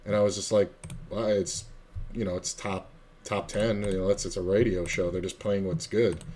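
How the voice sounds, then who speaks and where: Streaming online poker, a South Florida man tells a long, profane, meandering story full of fillers in casual chat as he plays. His low, dark voice keeps a level tone at a moderate pace, with slight background noise behind it.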